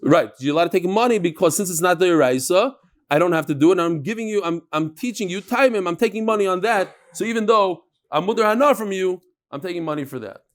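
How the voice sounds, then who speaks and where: A man's voice: high voice, animated, fast. A man teaching a live Talmud class, bantering with his listeners and mixing Yiddish and Hebrew terms into his talk.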